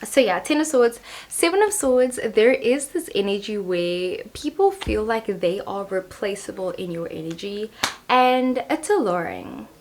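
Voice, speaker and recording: A woman's voice: mid-range voice, lively intonation, measured pace, a little mellow, a little hiss or hum. Chatty young woman doing a tarot reading. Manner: chatty, playful, laughs at herself. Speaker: tarot reader. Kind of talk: casual tarot reading to camera.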